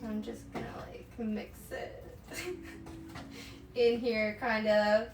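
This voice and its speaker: Giggly high-voiced woman streaming from her kitchen. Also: flat delivery, slow pace, distant mic. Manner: giggly, rambling, lots of fillers. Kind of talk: casual chat while cooking. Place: home kitchen. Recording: roomy sound from away from the mic, faint background noise.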